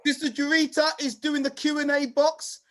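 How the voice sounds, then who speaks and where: Lively high-voiced man hosting. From United Kingdom. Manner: energetic, playful shout-outs, rapid lists. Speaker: host. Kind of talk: lively online event hosting.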